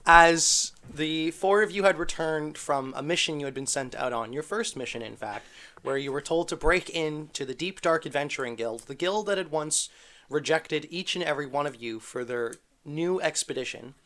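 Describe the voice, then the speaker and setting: A man's voice: fairly high pitch, normal speed, pushed and bright. Man, game master, dramatic storytelling, tabletop narration.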